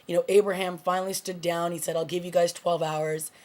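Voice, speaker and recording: Chatty lady recapping a tv episode, bit low voice, acts out the lines she quotes. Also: little pitch movement, brisk, darkish tone. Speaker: TV review host. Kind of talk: casual TV episode review.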